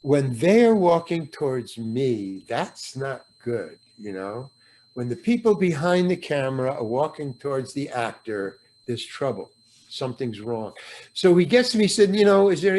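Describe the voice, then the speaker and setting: This older man is an actor being interviewed for a podcast, and he acts out an anecdote vividly, voicing the people he quotes and swearing freely along the way. His voice leans high and keeps a moderate pace.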